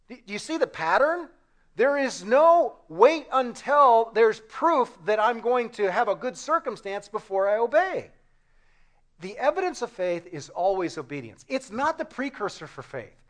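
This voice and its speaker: A preacher with a fairly high voice delivers his sermon in an animated, rhetorical way. He poses questions to the congregation and plays out little back-and-forth scenes as he goes. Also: measured pace. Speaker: pastor.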